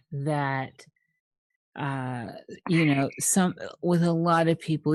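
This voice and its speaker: Slow low-voiced woman host. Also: no echo. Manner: thoughtful, soft, trailing off. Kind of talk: reflective interview talk.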